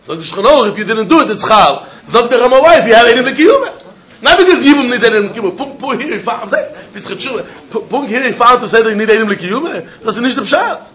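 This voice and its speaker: A man giving a Talmud lesson in a lively, questioning way, mixing Yiddish terms into his English. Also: very high voice, quick pace. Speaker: Talmud teacher. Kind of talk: yeshiva-style Talmud lesson. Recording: dull echoey room with faint noise.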